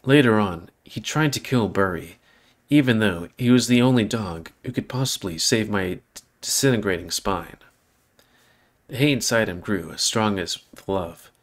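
A man's voice: on the low side, lively intonation, moderate pace, lightly acted. A man voicing a remorseful young male fantasy dog, reading a visual novel aloud in an earnest, reflective way. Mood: regretful.

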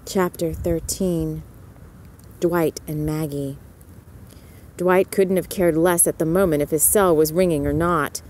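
Soft-voiced woman, whispered role-play storyteller. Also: steady tone, unhurried, slight background noise. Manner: soft storybook narration, raising pitch for female characters.

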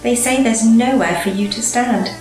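A woman's voice: a little high, moderate pace, darkish tone, echoey room, soft background music, pitched above the performer's own voice, lightly acted, rough recording. A woman voicing a friendly, practical male engine driver in a storybook reading, plain-spoken and confiding. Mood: glum.

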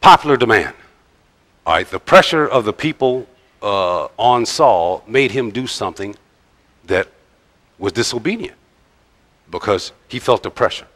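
A male pastor preaching a sermon in a conversational, halting way, with frequent pauses and restarts. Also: on the low side, animated, a bit bright. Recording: long reverb of a large church hall.

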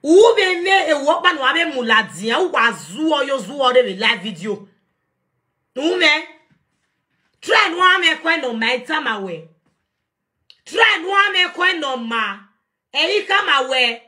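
Defiant, high-voiced Nigerian woman ranting live. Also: lively intonation, unhurried. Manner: confrontational, defiant, shouting at times. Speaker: live-stream host. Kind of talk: heated live rant.

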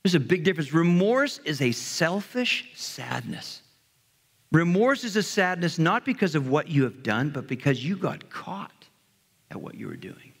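Guy preaching, slightly high voice that swoops around a lot, chatty, echoey church hall. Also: sing-song, measured pace, gravelly, fairly bright tone, slightly rough. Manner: conversational preaching, acts out story voices. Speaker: pastor. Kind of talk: sermon. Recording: long hall reverb.

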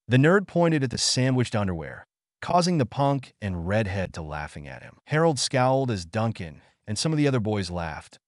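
A man's voice: fairly low pitch, animated, normal speed, no echo, clean studio sound. A man narrating fan fiction aloud in a storytelling cadence.

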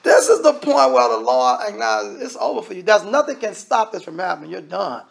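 A man's voice: high-pitched, very animated, brisk, creaky. A man preaching a sermon in a conversational way, often acting out the voices of the people he quotes.

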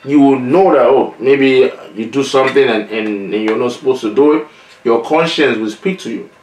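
A man's voice: mid-range voice, moderate pace, a little mellow. Guy preaching, earnest and chatty, kinda far from the mic, roomy echo. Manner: earnest, conversational preaching with fillers. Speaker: evangelist. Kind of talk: sermon. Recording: roomy, echoey sound from a distance.

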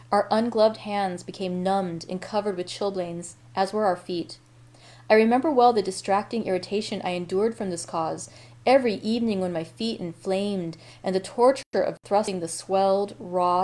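A woman hosting a library read-aloud, reading a novel in a steady, unhurried way with small self-corrections. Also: medium pitch.

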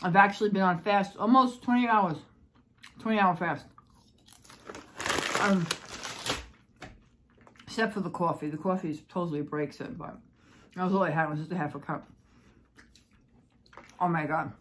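A woman's voice: lowish voice, normal speed, long pauses. Chatty woman rambling in a casual vlog. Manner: rambling, chatty, repeats herself; frequent exclamations. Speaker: vlogger.

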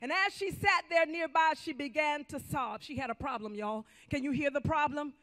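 High, bright-voiced preacher man. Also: moderate pace. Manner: emphatic preaching, swinging between loud calls and quiet asides. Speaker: pastor. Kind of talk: sermon.

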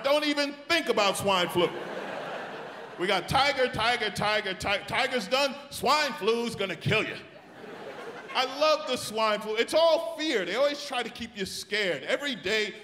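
A man doing live stand-up in a large theatre, ranting loudly and mocking people in put-on voices. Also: high-pitched, expressive. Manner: loud, rapid rants with mocking put-on voices. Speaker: stand-up comedian. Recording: echoey theatre with crowd noise. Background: audience laughter and applause.

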